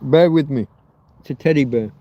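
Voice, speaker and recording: A man's voice: mid-range voice, moderate pace, highs cut off, a little hiss or hum. A man from Britain hosting a rambling livestream chat, crude and joking, swearing freely. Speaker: livestream host. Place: outdoors in a field in Spain.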